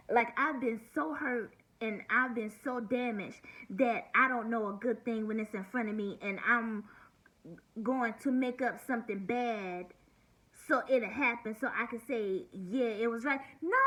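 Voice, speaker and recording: Forties woman, vlog rant, sharp bright higher voice, blunt and cussing, hurting. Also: unhurried, poor audio. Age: 40s. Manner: blunt, venting, heavy swearing. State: hurt and near tears. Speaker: vlogger. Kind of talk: emotional personal vlog monologue.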